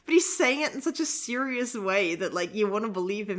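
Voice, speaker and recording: A woman's voice: medium pitch, expressive, brisk. Giggly, rambling young woman reviewer. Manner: giggly, rambling, lots of fillers. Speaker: manga reviewer. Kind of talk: casual reaction chat while reading aloud.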